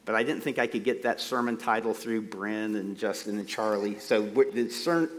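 Middle-aged male preacher, slow and emphatic. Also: fairly low pitch, a little hiss or hum. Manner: slow, deliberate emphasis on key phrases; folksy, self-deprecating asides. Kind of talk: sermon. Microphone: microphone.

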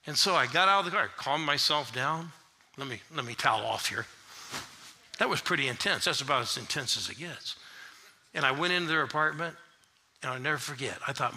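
A middle-aged male pastor preaching to a congregation in a church. His voice sits high and rings very bright and forceful. He swings between shouted call-and-response and hushed storytelling. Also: very animated, a little fast. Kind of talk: sermon.

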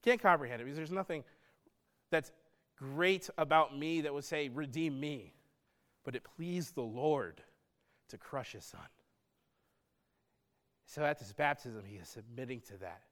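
A man's voice: mid-range voice, unhurried, pauses often, fairly bright tone. A man preaching a sermon, earnest and conversational, building to emphatic points. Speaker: pastor.

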